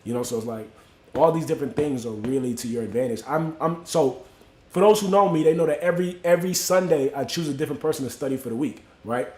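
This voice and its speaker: A man's voice: mid-range voice, fast, darkish tone, roomy sound. A man from Miami hosting a livestream, telling a motivational story in loose, slangy street talk and greeting viewers by name. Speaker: livestream host.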